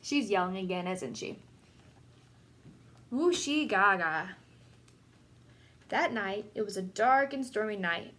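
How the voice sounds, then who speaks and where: A woman teacher giving an interactive read-aloud of a picture book, pausing to ask questions and point out the pictures. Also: medium pitch, fairly bright tone.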